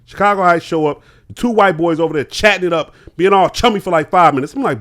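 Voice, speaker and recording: A man's voice: high voice, fast, fairly bright tone. A young man animatedly telling a story on a podcast, acting out both sides of an argument with quoted voices. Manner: acts out both sides of an argument, laughing as he tells it.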